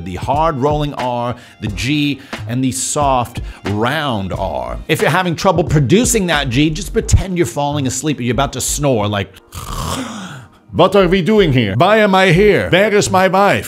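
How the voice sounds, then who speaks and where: A man from the Netherlands giving a playful video lesson as an accent coach, drawing sounds out to show them. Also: mid-range voice. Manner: playful, demonstrative, draws sounds out. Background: faint music.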